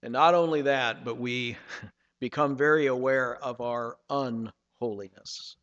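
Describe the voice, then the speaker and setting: A man preaching a sermon, reading scripture dramatically and swinging between loud passages and hushed ones. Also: mid-range voice, steady tone, unhurried, in a large hall, dull audio. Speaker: pastor.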